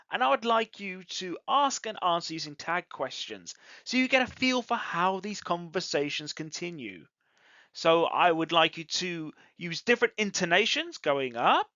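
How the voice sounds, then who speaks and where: Lively, bright-voiced English teacher. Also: mid-range voice, no room sound, highs cut off. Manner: clear, encouraging explanation with demonstrated rising and falling intonation. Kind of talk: online language lesson.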